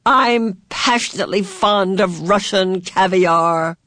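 A creaky old woman tramp, as a male reader puts her on, cheerful and eccentric, her voice grating like an unoiled gate. She drawls slowly in a raised, quaint tone, with an odd, faraway timbre, heard dry and close in a storybook reading. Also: high-pitched, bright, forceful tone, dry recording, heavily acted. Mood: whimsical. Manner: quaint, folksy, slow and drawn-out.

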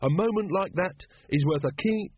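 A man's voice: high-pitched, normal speed, slightly rough, pitched above the performer's own voice. A man playing an earnest, huge young watchman. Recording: dry, narrow phone-like sound.

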